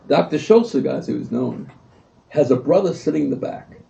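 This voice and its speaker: Male speaker at an event: gravelly, mellow, animated storyteller, echoey room, distant mic. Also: on the high side, moderate pace, dull audio, a little hiss or hum. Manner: animated storyteller who acts out quoted voices. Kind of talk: storytelling speech. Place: event hall.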